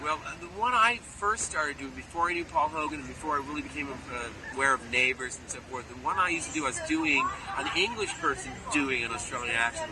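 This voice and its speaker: Guy telling funny stories in an interview outside, average pitch, cars going by behind him. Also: fairly quick, few pauses. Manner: playful storyteller who slips into character voices. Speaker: actor interviewee. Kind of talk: animated interview chat. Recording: outdoor interview with traffic noise. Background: street and car noise.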